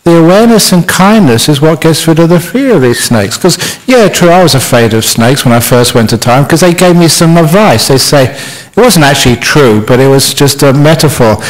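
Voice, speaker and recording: A man's voice: on the high side, expressive, a little fast, hardly any pauses, poor audio. A man giving a humorous Buddhist talk as a monk teacher, telling stories playfully with self-mocking humour.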